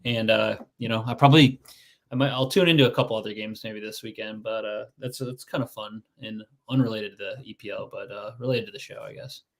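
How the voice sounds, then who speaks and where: A man with a lowish voice co-hosts a sports betting podcast. He rambles in a loose, hesitant way, packing his sentences with fillers. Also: fairly even intonation, brisk, gravelly. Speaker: podcast co-host. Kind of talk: casual chat.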